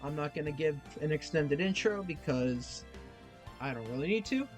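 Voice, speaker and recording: A man hosting a game playthrough, chatting casually and reacting aloud to the story. His voice sits in a middle register, and game music plays clearly under his commentary. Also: a little high, expressive, normal speed. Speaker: gaming YouTuber.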